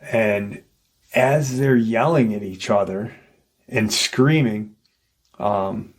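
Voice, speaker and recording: A man with a fairly low voice recounts an eerie encounter at an unhurried, drawn-out pace. His telling is loose and rambling, leaning on "like" and "you know" as he goes. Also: slightly rough. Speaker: paranormal storyteller host. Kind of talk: casual retelling of an encounter story.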